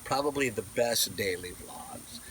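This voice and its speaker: A man's voice: fairly low pitch, a little slow, fairly bright tone, a little hiss or hum, rough recording. A man, vlogging casually outdoors into his camera mic, digressive, with many fillers and restarts. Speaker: vlogger and audiobook narrator. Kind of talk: casual rambling vlog talk. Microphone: camera mic, no wireless mic.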